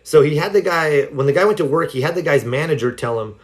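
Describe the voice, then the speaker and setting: A man's voice: a little high, lively intonation, quick pace. A man giving a casual self-help talk on a livestream, telling stories loosely with lots of "like" and "you know". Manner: rambling storytelling with many fillers. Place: home livestream.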